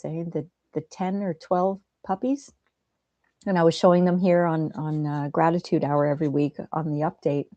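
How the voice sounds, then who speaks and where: A woman hosting a livestream, chatting gently and laughing easily as she reads out viewers' comments. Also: low voice, no echo, highs cut off. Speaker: livestream host. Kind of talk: casual livestream chat reading viewer comments. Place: at home.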